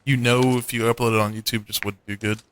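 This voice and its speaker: A man's voice: mid-range voice, little pitch movement, fast, a bit bright, slight background noise. A young man co-hosting a casual podcast, rambling with lots of fillers and swearing. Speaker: podcast co-host. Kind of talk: casual chat.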